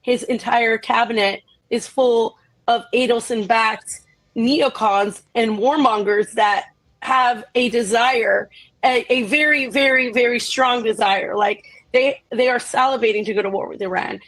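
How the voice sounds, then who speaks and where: A woman's voice: on the high side, a little slow, fairly bright tone, rough recording. A woman giving casual political commentary in a pointed, emphatic way.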